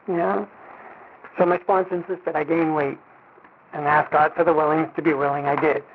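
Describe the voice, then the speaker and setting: Speaking fairly quickly in a slightly high, flat voice, a man tells his recovery story at a meeting, sprinkling in "you know" and performing the lines others said to him. The phone-line audio is tinny, with a little hiss or hum.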